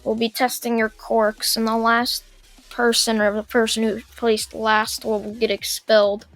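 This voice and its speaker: A weary male teacher, all dry authority, delivered slowly in a low, flat voice, as a woman puts him on. He speaks in short, curt lines from a fan-made story reading, with faint music underneath. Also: lightly acted. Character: tired stern adult male teacher.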